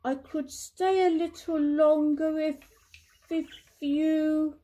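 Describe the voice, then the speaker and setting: Pooh, a granny voicing a plaintive little bear. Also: female voice, sits high, fairly even intonation, takes it slowly, warm tone, pitched above the performer's own voice. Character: gentle, greedy, muddled young male bear.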